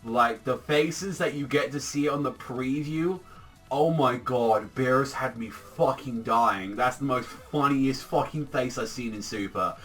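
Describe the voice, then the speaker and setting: A man giving a casual, rambling episode review, excitable and swearing constantly. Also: mid-range voice, measured pace, soft background music. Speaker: anime reviewer.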